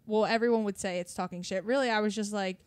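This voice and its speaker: A woman's voice: medium pitch, fairly even intonation, fast talker, a little mellow, clear, resonant tone, dry recording. A young woman with a Delco accent, a podcast guest telling stories in casual chat, blunt and swearing freely as she acts out what others said. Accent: Delco (Philadelphia suburbs).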